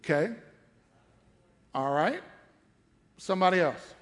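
High-voiced man preaching emphatically. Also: lively intonation, takes it slowly. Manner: emphatic, questioning the congregation. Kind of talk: sermon. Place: church.

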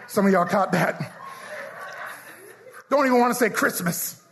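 A man a sermon, calling out to the congregation and leading call-and-response, his lines half sung and shouted. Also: sits high, lively intonation, slow pace, creaky, a little hiss or hum. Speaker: pastor.

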